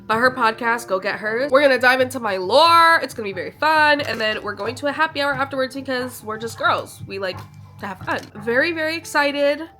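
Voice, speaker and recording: Young woman vlogger, chatty and sentimental, bright and slightly high voice. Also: expressive, fairly quick, soft background music. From Chicago, USA. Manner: chatty, sentimental, filler-heavy. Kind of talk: casual vlog chat.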